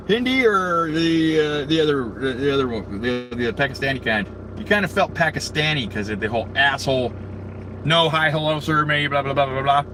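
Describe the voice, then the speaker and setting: Against a noisy background, a man with a mid-range voice hosts a livestream. His monologue is a crude, angry, profanity-laden rant that rambles, full of fillers and false starts.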